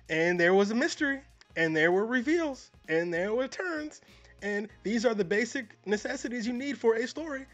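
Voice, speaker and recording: A man co-hosting a film review podcast, chatting casually in a dry, deadpan, long-winded way. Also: extremely high pitch. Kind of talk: casual chat. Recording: dull lo-fi audio.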